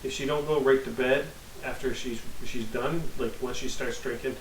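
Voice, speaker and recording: Halting man, off-mic in an echoey room. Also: medium pitch, steady tone, distant mic, slight background noise. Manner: laid-back, halting, repeats words. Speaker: podcast co-host. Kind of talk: casual chat.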